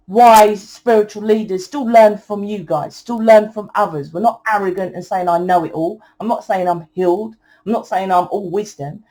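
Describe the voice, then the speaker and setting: A woman's voice: mid-range voice, mellow. A woman giving a tarot reading, talking in a blunt, preachy, casual way and swearing freely. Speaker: tarot reader.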